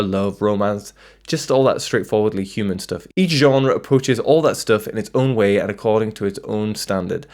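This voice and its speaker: A man's voice: lowish voice, a little mellow. A man narrating a scripted music video essay, with wry, self-deprecating asides.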